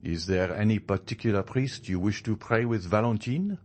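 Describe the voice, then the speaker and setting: A man's voice: lowish voice, moderate pace, no echo, lightly acted. A man reading an audiobook who voices a courteous family doctor, speaking earnestly and formally.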